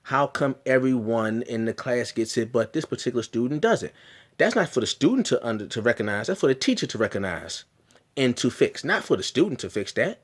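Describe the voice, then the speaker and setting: A man's voice: mid-range voice, expressive, brisk. A man vlogging a personal story in an earnest, emphatic way, often restarting and repeating himself.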